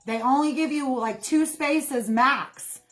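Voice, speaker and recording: A young woman with a slightly high voice talks in a loose, rambling monologue, calling her listeners "y'all" as she vents with plain indignation. Faint music plays underneath her. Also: takes it slowly. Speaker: livestream host. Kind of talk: candid casual monologue.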